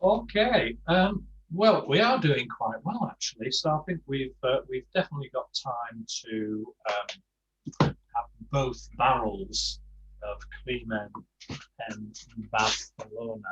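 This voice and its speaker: Older man, tutor, slow speech, hesitant, dull video-call audio. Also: medium pitch, a bit bright. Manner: hesitant, lots of ums. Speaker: course tutor. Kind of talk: leading a language class over a video call.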